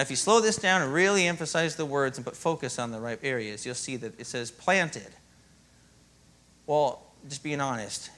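A pastor delivers a lively, conversational sermon in a medium-pitched voice, frequently asking "Amen?"

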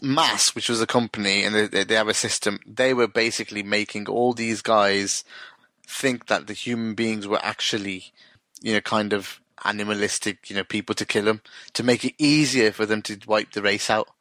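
A man co-hosting a casual podcast, talking fast and swearing, his voice jumping up high when he finds something funny. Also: dry recording. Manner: animated, swears freely, voice jumps up when amused. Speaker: podcast co-host. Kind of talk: casual chat reviewing TV episodes.

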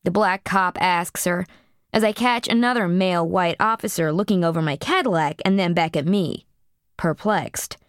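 A woman's voice: on the low side, moderate pace, smooth, dry recording, clean studio sound. A woman narrating an audiobook in a blunt, profane first-person voice.

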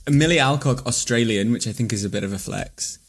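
A man's voice: medium pitch, a little fast, slightly rough. A man from the United Kingdom co-hosting a podcast, joking and laughing often in casual chat. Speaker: podcast co-host.

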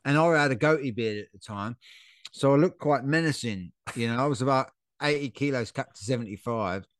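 A man's voice: medium pitch, a little fast, dry recording. A blunt man, telling a fight story in casual podcast chat and swearing freely. His voice sits in a middle register. The sound is dry and close. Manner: blunt, swears freely, acts out quotes with energy. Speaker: podcast co-host, gym owner and fighter.

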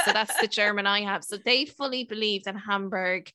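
A woman in her thirties hosting a podcast, telling a story in a chatty, self-mocking way with quick asides. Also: mid-range voice, sharp tone, no echo, clean studio sound. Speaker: podcast host. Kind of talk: casual chat and storytelling.

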